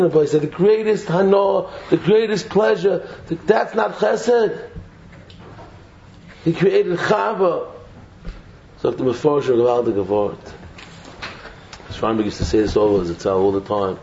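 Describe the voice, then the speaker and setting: Animated man giving a talk, echoey. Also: high voice, a little slow, vocal fry, long pauses. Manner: animated storytelling, acting out quotes. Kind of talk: Torah lecture to students. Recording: echoey muffled room recording, faint hum.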